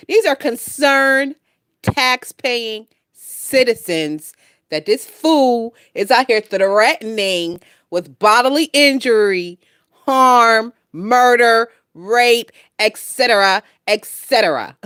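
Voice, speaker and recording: A woman's voice: on the high side, expressive, takes it slowly, a bit bright, dry recording, studio quality. A woman hosting a gossip channel, talking bluntly and with lots of swearing and laughter. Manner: blunt, profane, laughs often. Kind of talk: casual commentary.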